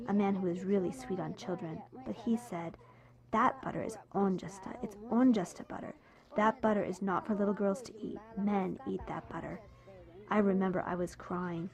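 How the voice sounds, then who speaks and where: Female voice-over translator, first-person storyteller, animated, middle pitch. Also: normal speed, dull audio. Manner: animated storytelling, voicing quoted people.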